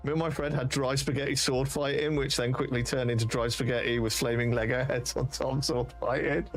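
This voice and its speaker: A British-accented male streamer casually tells rambling, sweary anecdotes on a live stream and laughs along at them. His mid-range voice is steady and brisk, with soft music playing in the background.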